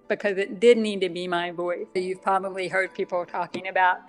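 A woman guest in a casual interview, speaking with a deaf accent that makes some sounds slightly different, chatty and quick to laugh at herself. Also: lowish voice, little pitch movement, soft background music. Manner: chatty, laughs often, self-deprecating asides. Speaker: guest author.

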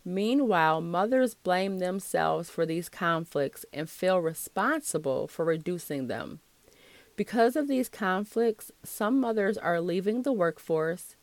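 A woman's voice: on the low side, dry recording. A woman in her thirties or forties hosting her own solo podcast, talking in a chatty, encouraging way. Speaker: podcast host.

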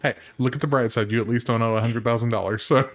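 A man of middle pitch chimes in with short, dry replies while his co-host talks. His lines are quick agreements and small jokes in a relaxed podcast chat. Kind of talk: casual chat.

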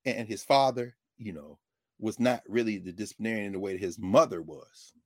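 A middle-aged man hosting, telling a story in a casual, animated way with lots of digressions and self-corrections. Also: lowish voice, fairly quick, no echo, studio quality.

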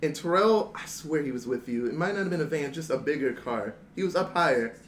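A man telling animated, laughing stories among friends and acting out their lines. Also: on the high side, a little fast. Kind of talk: casual storytelling among friends. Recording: echoey room, noisy background.

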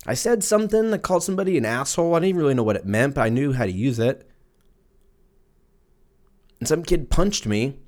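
Animated profane man in his thirties. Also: medium pitch, brisk, long pauses. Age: 30s. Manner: profane, rambling, jokey, puts on silly voices for quotes. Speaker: podcast host. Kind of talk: casual solo podcast rant.

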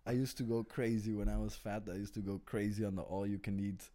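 A man's voice: fairly low pitch, flat delivery, fast talker, dark tone. A man from Peru guests on a casual comedy podcast. He talks animatedly and swears freely, tossing in "dude" and "bro.".

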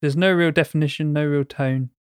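A man's voice: a little high, steady tone, brisk, smooth, dry recording. Man, podcast co-host, dry jokey delivery, dead dry recording. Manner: jokey, wry banter. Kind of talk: casual chat.

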